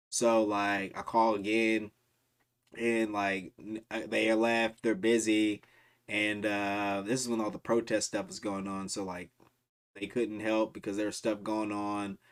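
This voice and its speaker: A man's voice: on the low side, clear, resonant tone. A man streaming, telling a long personal story in a casual, rambling way with slang and frequent restarts.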